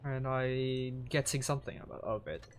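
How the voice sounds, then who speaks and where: A man casting a live esports stream, talking in a rambling, halting way with frequent fillers and restarts. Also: mid-range voice, a little hiss or hum. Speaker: stream caster.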